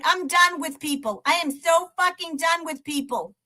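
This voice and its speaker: A woman's voice: very high voice, normal speed, pushed and bright. A woman hosting a live stream, cursing and taunting a troll in a profane, mocking rant. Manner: profane, taunting, laughs between jabs. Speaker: livestream host. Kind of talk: ranting live-stream commentary.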